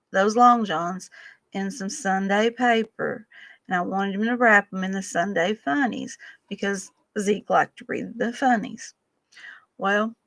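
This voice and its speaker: A woman's voice: mid-range voice, gravelly, a bit bright, no echo. A woman telling folksy, humorous stories from her past in a casual way. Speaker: storyteller vlogger. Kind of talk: casual storytelling.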